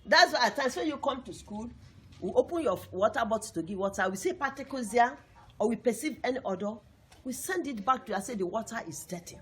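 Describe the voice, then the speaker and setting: A woman's voice: on the high side, lively intonation, a little fast, a bit bright. A woman teaching a lesson to young pupils, repeating points emphatically and asking the class questions.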